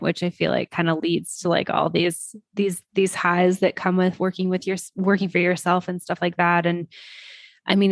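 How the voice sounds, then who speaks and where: A woman hosts a podcast in a casual, hesitant manner full of fillers. Her voice is low and flat, with little rise and fall. The recording is dry and close. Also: dry recording. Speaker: podcast host.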